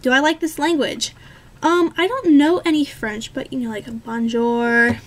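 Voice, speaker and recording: A young woman in her twenties with a high voice chats casually to the camera, answering viewer questions. She rambles, stops to correct herself and fills the gaps with ums. Her tone is easygoing and pokes fun at herself. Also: lively intonation, normal speed, a little hiss or hum. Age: 20s. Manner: chatty and rambling, many ums and self-corrections. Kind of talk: casual chat.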